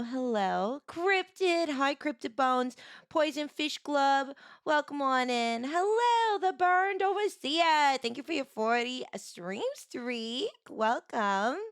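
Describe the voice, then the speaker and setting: A woman streamer with a sore, hoarse voice, greeting chat viewers one by one and chatting casually on a live stream. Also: sits high, takes it slowly, fairly bright tone, no room sound, clean studio sound.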